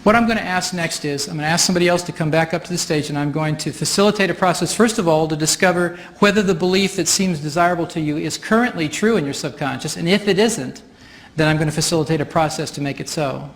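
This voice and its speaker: A man's voice: a little high, fast talker. A man leading a live workshop demonstration on stage, explaining each step in a chatty way and often laughing. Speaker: workshop facilitator. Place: stage before an audience.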